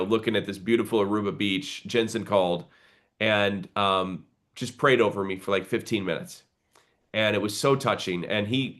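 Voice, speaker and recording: Pastor, male, low voice, earnest and preacherly, heard over a video call. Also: a bit bright. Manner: earnest, building to preacherly exhortation. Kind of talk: live video-call conversation.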